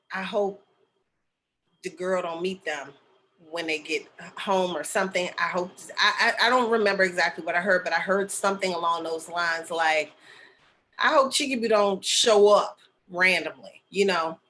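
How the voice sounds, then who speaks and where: A woman's voice: on the low side, moderate pace, bright, forceful tone. A middle-aged woman telling a personal story in a casual, chatty way, full of fillers and asides like "okay?" and "right?". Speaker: spiritual medium and healer sharing a story.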